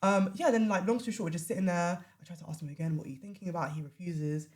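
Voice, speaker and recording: Fast-talking woman telling a story. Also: on the low side. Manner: animated, acts out quotes, laughs often. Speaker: podcast guest. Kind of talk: casual storytelling chat.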